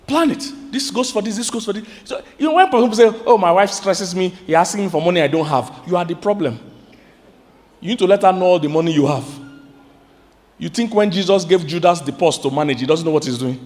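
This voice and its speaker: A Nigerian man preaching a sermon as pastor, animated, with sudden high outbursts and questions to his congregation. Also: brisk, in a large hall.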